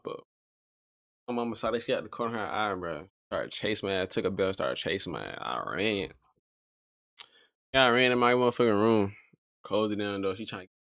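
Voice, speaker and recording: A man on a stream, telling a story in a loose, rambling, slangy way. His voice sits a little low for a man. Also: vocal fry, fairly bright tone. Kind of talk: casual storytelling.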